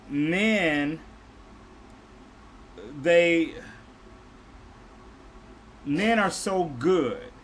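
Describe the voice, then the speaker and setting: Upbeat higher-voiced male host. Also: a little hiss or hum. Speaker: podcast host. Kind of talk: casual chat.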